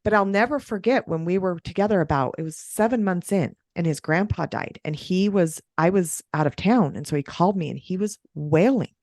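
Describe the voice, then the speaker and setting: A woman who runs breathwork sessions, chatting on a podcast and telling stories with an animated, swooping delivery. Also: fairly quick, few pauses, dry recording, studio quality. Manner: animated storytelling, big pitch swings. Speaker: breathwork facilitator. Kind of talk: podcast conversation.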